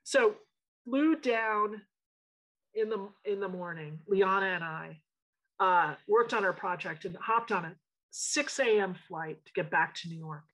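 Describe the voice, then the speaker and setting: Studio owner, woman, slightly husky voice; tells anecdotes with frank, lively emphasis. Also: mid-range voice, measured pace, poor audio. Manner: animated storyteller, emphatic and frank. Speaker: interior design studio owner. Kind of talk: casual interview storytelling.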